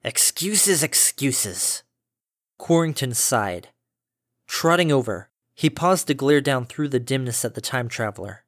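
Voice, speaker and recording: A man reading a pony fan fiction story aloud in a steady, descriptive narration. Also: mid-range voice, moderate pace, no room sound, studio quality. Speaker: reader.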